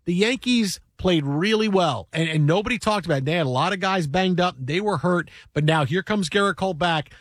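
Excitable sports radio host man. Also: sits high, no echo, clean studio sound. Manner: excitable, fast bursts, repeats words. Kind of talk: sports radio talk and storytelling. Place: radio studio.

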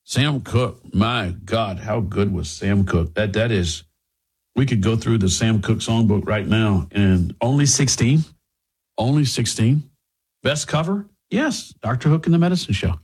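A middle-aged man with a gravelly, husky voice holds forth as a talk show host. He rambles casually, circling back on himself with restarts and side remarks, chatting straight to his listeners. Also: mid-range voice, darkish tone. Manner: rambling, conversational, with many restarts and asides.

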